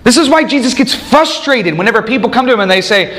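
A man's voice: sits high, a little fast. A man preaching a sermon, acting out quoted voices and asking the listeners questions. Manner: animated, acts out quoted voices, asks the congregation questions. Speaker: pastor.

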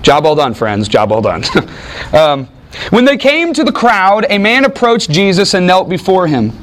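A man's voice: high-pitched, sing-song, a little slow, a bit bright. A man teaching a Bible class, lecturing conversationally to a room of students and peppering the talk with rhetorical questions.

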